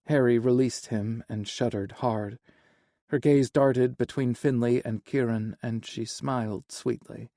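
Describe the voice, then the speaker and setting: A man reading a romance novel aloud in an even, unhurried way as an audiobook narrator. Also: medium pitch, no echo, studio quality. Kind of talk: scripted narration.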